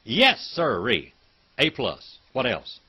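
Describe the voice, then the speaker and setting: A man's voice: medium pitch, wildly swooping pitch, slow pace, pushed and bright, slightly rough. A man teaching a Bible Hebrew class in a folksy, chatty way, calling on students by name and drilling word meanings. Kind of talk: classroom lecture.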